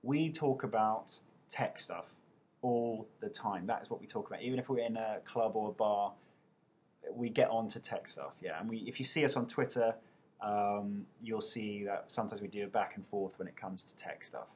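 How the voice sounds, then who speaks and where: Husky-voiced playful English man. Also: lowish voice, moderate pace, a little mellow. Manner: chatty, self-mocking, playful. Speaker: actor answering viewer questions. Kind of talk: casual webcam Q&A. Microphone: webcam.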